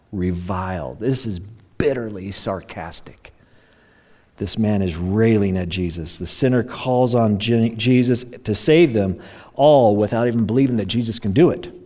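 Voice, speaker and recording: Male pastor, low mellow voice, dramatic sermon delivery with acted-out quotes. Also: a little slow. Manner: dramatic preaching, voices the mocking crowd and criminals.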